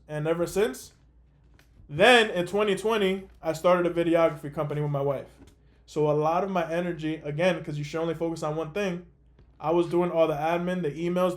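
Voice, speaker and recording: A young man hosting a call, telling a story in a casual, animated way with lots of fillers. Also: a little high, brisk. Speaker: host.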